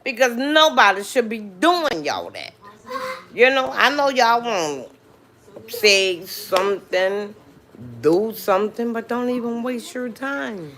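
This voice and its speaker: Her pitch is fairly high and sing-song, her tone a bit bright, and she takes her time, with slight background noise present. She's a livestream host from New Orleans, Louisiana, casually chatting to viewers in a drawling New Orleans accent full of mm-hmms.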